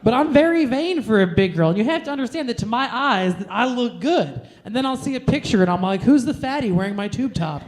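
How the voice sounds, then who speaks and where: A woman's voice: fairly high pitch, expressive, fairly quick, few pauses, darkish tone. A woman performing a stand-up comedy set with a brash, crude and self-mocking delivery.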